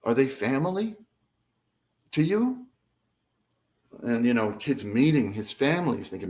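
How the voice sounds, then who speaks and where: Animated, lively storytelling man. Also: medium pitch, a little slow, long pauses. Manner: expressive, lively, acts out quotes. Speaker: guest, abductee.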